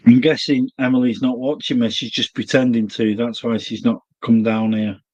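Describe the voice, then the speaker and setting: A man's voice: medium pitch, steady tone, moderate pace, darkish tone, low-quality recording. A middle-aged man, rambling and thinking aloud in a casual live-stream chat from a small room he built himself. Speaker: livestreamer.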